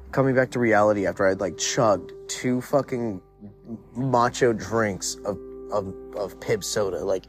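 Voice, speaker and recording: A young man in his twenties with a lowish voice tells a personal story in a laid-back, rambling way. He swears freely and leans on fillers. Soft guitar music plays faintly behind him. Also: takes it slowly, long pauses. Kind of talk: casual storytelling.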